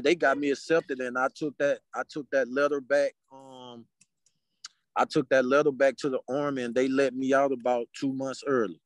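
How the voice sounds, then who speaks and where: In a medium-pitched voice with no echo, a Mobile, Alabama man chats as a podcast guest, narrating a story with animation and voicing its quoted dialogue himself.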